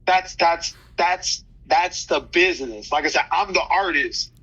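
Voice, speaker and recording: Casting: man in his 30s, very bright slightly high voice, slangy rambling interview guest, dull lo-fi audio. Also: measured pace, husky. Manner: loose, rambling, slangy, many restarts. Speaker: fighter guest. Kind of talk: casual interview chat.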